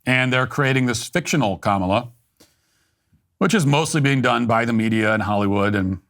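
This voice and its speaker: A man's voice: medium pitch, moderate pace, fairly bright tone. A man hosting a political commentary show, blunt and sarcastic, often restarting his sentences.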